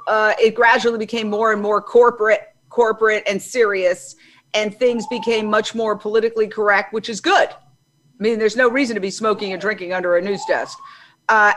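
A woman in her sixties hosting an interview, loud and chatty, telling stories as she goes. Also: medium pitch. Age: 60s. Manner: loud, chatty, self-described loudmouth. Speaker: interview host. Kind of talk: conversational interview.

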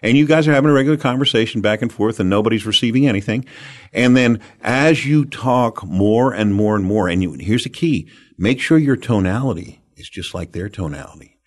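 A man from the United States, an animated and emphatic storyteller, giving sales advice as an interview guest. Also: fairly low pitch, brisk.

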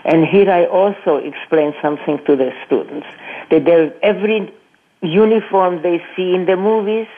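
An older woman, a guest on a radio interview, telling her life story in a halting, earnest way, repeating words and restarting sentences. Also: lowish voice. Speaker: guest, Holocaust survivor speaking to students. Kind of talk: personal testimony in a radio interview. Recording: tinny phone-line radio audio.

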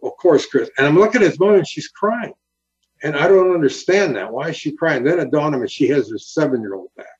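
A man and former highway patrol officer telling a story in an interview, earnest and animated, acting out the quotes. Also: a little fast, muffled recording.

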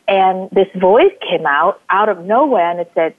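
A woman from Vietnam talks over a tinny, phone-like line with a dry sound. She tells her story as a guest in a casual interview. She acts out quoted lines in a much higher voice. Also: animated, moderate pace, hardly any pauses, dry recording. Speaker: guest, life coach. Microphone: phone call.

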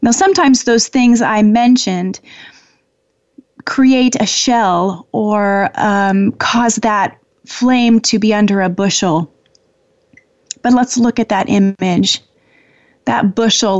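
Lady hosting a spiritual call-in show, affectionate and gentle, um's here and there, dry slightly dull sound. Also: mid-range voice, no room sound. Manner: warm, affectionate, laughs often, pauses with fillers. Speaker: host, angel communicator. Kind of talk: spiritual talk show monologue.

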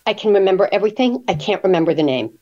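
A woman's voice: medium pitch, lively intonation, very fast, dark tone, highs cut off. A woman hosting an interview show, asking questions conversationally and adding her own stories. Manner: conversational, asks questions with personal anecdotes. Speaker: radio show host.

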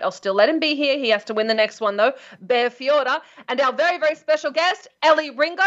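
A woman's voice: sits high, a bit bright. A woman hosting a radio talk show, upbeat and breezy as she interviews her guest, in a slightly dull recording.

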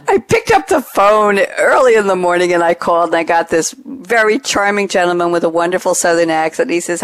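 Animated woman host telling a story. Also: fairly quick, no echo. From New York. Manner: expressive, acts out dialogue with big pitch swings.

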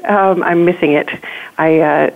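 Relaxed female guest, lower pitch, heard over a phone line. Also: a little slow, vocal fry. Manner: relaxed, hesitant with fillers. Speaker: remote guest. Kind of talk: casual interview chat. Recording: tinny phone-like call line.

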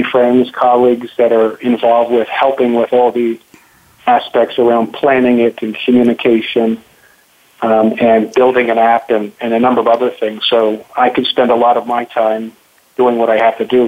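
Phone-in guest, man, earnest, halting, tinny line. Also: medium pitch, completely flat delivery. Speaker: guest caller. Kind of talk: phone interview.

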